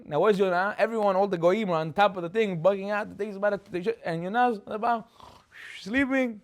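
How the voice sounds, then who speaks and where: Rabbi guy with a fairly high voice, animated storyteller, keeps asking questions and acting out the people in the story. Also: brisk. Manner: chatty, asks rhetorical questions. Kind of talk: lively Torah class.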